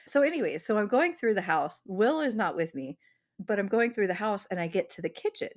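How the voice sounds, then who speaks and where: A woman's voice: medium pitch, animated, a little fast. A woman co-hosting a podcast, telling a long story in casual chat with lots of "like" fillers. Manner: rambling storyteller, many "like" fillers. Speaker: podcast co-host.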